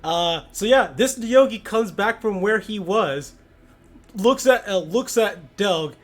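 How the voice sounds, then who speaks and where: A man runs a tabletop game as game master, and his voice sits high. He keeps the rules talk easygoing and leans into dramatic narration when the fighting starts. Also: expressive, takes it slowly. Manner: easygoing, casual rulings mixed with dramatic narration.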